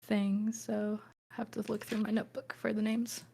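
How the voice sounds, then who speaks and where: A woman's voice: medium pitch, little pitch movement, normal speed, gravelly, mellow, slightly rough. A woman narrating a tabletop game as game master, casual and full of fillers, now and then putting on voices for characters.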